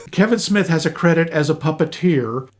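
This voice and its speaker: A man co-hosting a podcast, reading out movie trivia facts in a steady, informative casual chat. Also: on the high side, moderate pace, a little hiss or hum. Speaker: podcast co-host.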